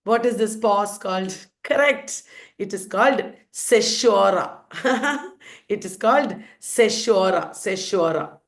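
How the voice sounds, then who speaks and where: A woman with an Indian English accent teaches literature at a slow, expressive pace in a medium-pitched voice. During a revision lecture she playfully quizzes her students, then answers her own questions.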